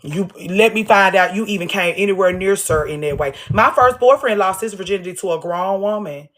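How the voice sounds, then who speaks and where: This female host's mid-range voice is a little quick and a bit bright as she chats unscripted on a home livestream. Expect heavy profanity, bluntness, and points hammered in by saying them again and again.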